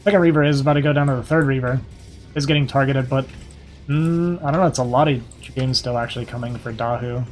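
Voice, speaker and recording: A young man with a medium-pitched, darkish voice gives quick, casual live play-by-play commentary on a strategy game match, thinking aloud as he goes. He's slightly hoarse and losing his voice, with faint music in the background.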